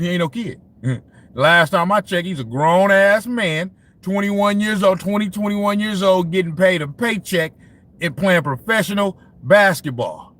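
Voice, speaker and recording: A man with a high, slightly bright voice hosts a sports talk livestream at a measured pace. He rants casually to his chat, swearing a lot and laughing often.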